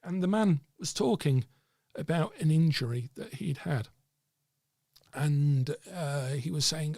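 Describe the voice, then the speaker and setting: A man's voice: fairly high pitch, takes it slowly, creaky, mellow, no room sound, clean studio sound. A man hosting an occult discussion, telling a story in a rambling, casual way with many fillers and restarts. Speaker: host of an occult discussion stream.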